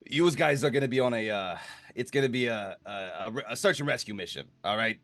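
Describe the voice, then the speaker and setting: A man voicing a tiny goblin-like wizard who runs an adventurers' guild, high and strained, swearing in exasperation. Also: lively intonation, fast talker, a bit bright, no room sound. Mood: bossy.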